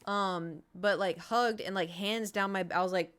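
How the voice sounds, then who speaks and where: A woman's voice: mid-range voice, fairly even intonation, unhurried, a bit bright, smooth. A woman streamer telling a story in casual, rambling chat, full of fillers and restarts. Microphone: streaming setup.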